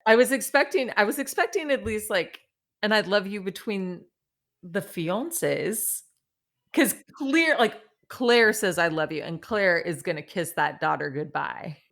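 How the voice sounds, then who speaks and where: A woman co-hosting a podcast, chatting casually about a reality show with quick jokey asides and frequent laughter. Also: medium pitch, lively intonation, fairly bright tone. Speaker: podcast co-host.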